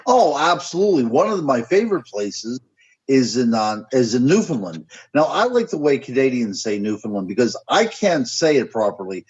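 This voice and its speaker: A man's voice: medium pitch, sing-song, moderate pace, breathy edge, dry recording, highs cut off. A man from the United States, a guest on a radio interview, musing and speculating as he searches for words. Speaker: guest author and paranormal researcher.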